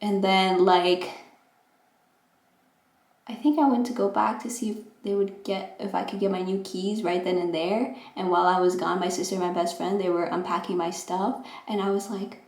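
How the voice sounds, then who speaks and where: A young woman telling a rambling, casual storytime vlog about her move-in day, acting out quotes with animated voices. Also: medium pitch, normal speed. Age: young adult. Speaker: vlogger. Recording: echoey room.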